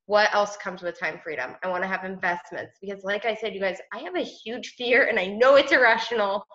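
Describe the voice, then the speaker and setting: A woman's voice: medium pitch, brisk. A woman leading a team video call, speaking casually and encouragingly with many "like"s. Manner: casual, soft-spoken, says "like" often. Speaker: team leader hosting a call. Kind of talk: casual motivational group call. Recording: dull lo-fi call audio.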